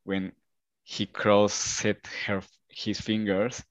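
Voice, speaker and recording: Slow, low-voiced man, dull dry sound. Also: level tone, no room sound. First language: Spanish. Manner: hesitant, many fillers. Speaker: guest. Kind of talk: casual chat.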